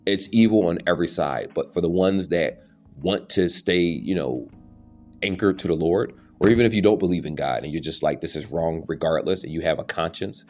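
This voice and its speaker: A man with a very low voice gives an earnest, preachy monologue to his viewers, stumbling and restarting now and then. Faint music plays softly behind him. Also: a little fast. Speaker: YouTube channel host. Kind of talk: casual opinion monologue.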